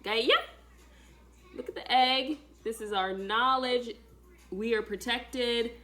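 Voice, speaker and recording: A woman, a spiritual teacher, giving an animated spiritual talk in a casual, emphatic and dramatic way, speaking straight to her viewers. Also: on the high side, slow.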